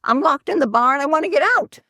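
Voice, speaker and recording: A woman's voice: high-pitched, quick pace, pushed and bright, dry recording, voice pushed up. A woman voicing an earnest male monk who pleads urgently over the phone. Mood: pleading.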